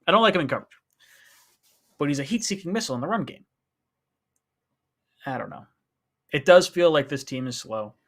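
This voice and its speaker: A man hosts a live fan stream in casual, rambling talk. His voice is bright and forward. He gets animated and restarts his sentences often. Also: on the high side, fairly quick, long pauses. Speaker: host of a fan call-in stream.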